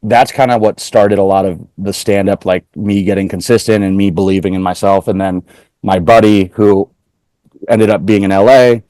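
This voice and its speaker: Male comedian guest from Portland, lowish voice, dry close sound, rambling storyteller acting out quotes. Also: steady tone, normal speed, dark tone, no room sound. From Portland, Oregon. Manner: chatty, heavy use of "like", retells exchanges in quoted voices. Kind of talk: casual interview storytelling.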